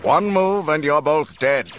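A man voicing a hard, commanding male soldier in an audiobook reading, shouting curt orders. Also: deep voice, animated, very slow, slight background noise, full character voice.

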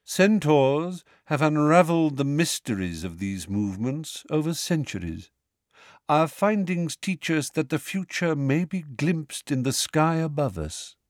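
A man voicing a calm, aloof male centaur teacher in an audiobook, speaking slowly and measured. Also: mid-range voice, no echo, clean studio sound. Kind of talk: audiobook character voice.

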